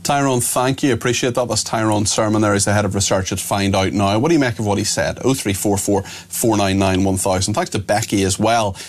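A man's voice: fairly low pitch, steady tone, fairly quick, hardly any pauses. A man hosting a talk radio show, opinionated and indignant, firing off rhetorical questions from a studio.

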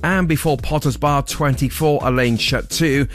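A man reading a radio traffic bulletin in a brisk, clipped style. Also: a little high, soft background music. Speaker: traffic reporter.

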